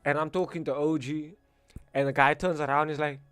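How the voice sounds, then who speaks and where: A young man with a South African accent, telling animated, laughing stories in casual chat on a stream. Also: a little high, fairly quick, no room sound, soft background music.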